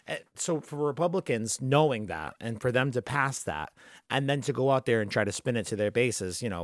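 A man hosting a casual political podcast, talking fast and emphatically and swearing freely. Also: fairly low pitch, dry recording, clean studio sound. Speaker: podcast host.

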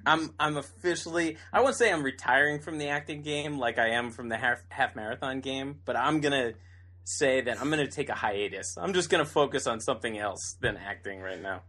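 A man co-hosting a podcast in casual banter, with dry, deadpan sarcasm. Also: medium pitch, a little fast. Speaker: podcast co-host.

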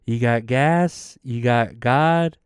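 Guy doing a brash politician bit for a rally crowd, slow and drawn out, smooth clear voice, dry sound. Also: medium pitch, no echo, natural voice. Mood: boastful.

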